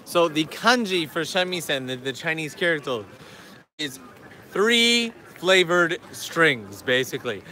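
A man's voice: fairly high pitch, sing-song, a little slow, bright, forceful tone. A man hosting a casual livestream outdoors in a park, chatting and answering viewer questions as he walks. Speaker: livestream host. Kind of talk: casual live-stream chat.

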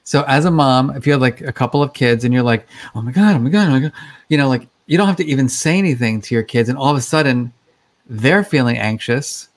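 A man's voice: medium pitch, quick pace. A man speaking as a guest expert in a conversational interview, explaining things in a chatty way with many fillers.

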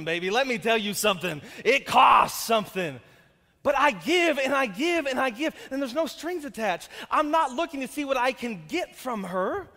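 A man in his thirties preaching a sermon, telling stories with jokes and building to shouts. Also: very high-pitched. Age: 30s. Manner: energetic storytelling with jokes, rising to shouts. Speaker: pastor. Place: church sanctuary. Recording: long reverb of a church hall.

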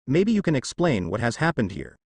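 A man's voice: mid-range voice, huge pitch swings, brisk, a little mellow, husky, dry recording, heavily acted. A man reading the lines of a wrathful male sun god and protective father, growling with cold fury. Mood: angry.

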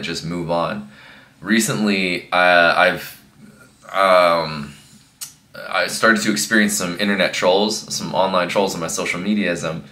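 A man's voice: deep voice, sharp tone. A man who coaches fitness, talking earnestly and rambling a bit, with many fillers and restarts, in a casual motivational monologue.

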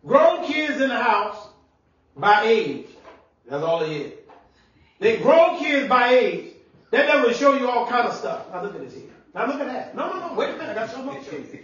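A man preaching a sermon as pastor, animated and conversational, sometimes shouting and laughing. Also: extremely high pitch, normal speed. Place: church sanctuary. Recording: echoey church room, mic at distance, dull sound.

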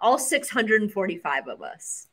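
A woman's voice: mid-range voice, very animated, normal speed, breathy edge. A woman hosting a live stream in casual chat, playful, squealing and easily spooked.

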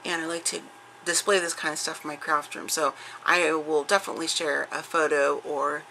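A woman's voice: low-pitched, little pitch movement, normal speed, pushed and bright. A woman with a scratchy voice, chatting casually to the camera as she shows off a craft haul at home, rambling with lots of fillers and restarts. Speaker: craft vlogger showing a haul.

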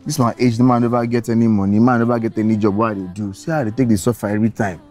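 A man's voice: fairly low pitch, steady tone, very fast, a little mellow. A young man with a Nigerian accent, pleading and coaxing in film dialogue. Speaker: poor young lover.

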